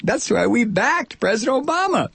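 A man's voice: very high voice, big pitch swings, moderate pace, gravelly, a bit bright, husky, no room sound, pitched above the performer's own voice, full character voice. A man voicing the insurance industry as a screeching, gloating greedy figure.

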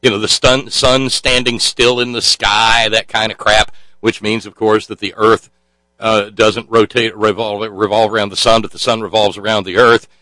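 A man's voice: fairly low pitch, flat delivery, moderate pace, pushed and bright, no echo. A man from the Southern United States with a Southern accent, hosting a casual talk show and mocking his subject in a sarcastic, rambling way. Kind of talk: casual commentary.

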